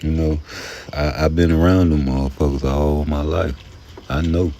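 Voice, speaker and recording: A man's voice: a bass voice, fairly even intonation, moderate pace, warm tone, a little hiss or hum. A man ranting casually and profanely about boxing, rambling as he goes. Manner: profane, rambling, slips into mocking put-on voices. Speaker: boxing commentator. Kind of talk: casual rant to camera.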